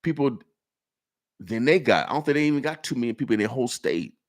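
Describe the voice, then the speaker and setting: A man from Nebraska hosting a morning radio show, talking in an animated way that repeats itself and exhorts like a preacher. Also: medium pitch, fast talker. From Nebraska, USA. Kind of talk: casual radio talk. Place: radio studio.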